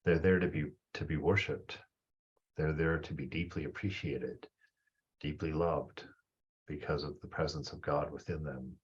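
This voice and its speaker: A man with a very deep, husky voice gives a reflective spiritual talk and muses aloud in a loose, conversational way. The recording sounds dull and lo-fi. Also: fairly even intonation, moderate pace. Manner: conversational, musing, leans on 'you know'. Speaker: spiritual teacher.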